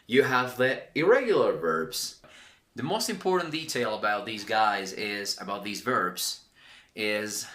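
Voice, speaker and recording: A man's voice: lowish voice, expressive, unhurried, bright, forceful tone. A man teaching an English pronunciation lesson, enthusiastic and emphatic, repeating words for learners. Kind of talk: language lesson.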